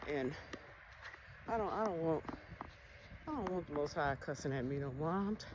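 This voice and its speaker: Her voice is deep and animated, moving at a moderate pace, as this woman delivers a blunt, profanity-heavy monologue about her faith. A noisy hiss runs underneath.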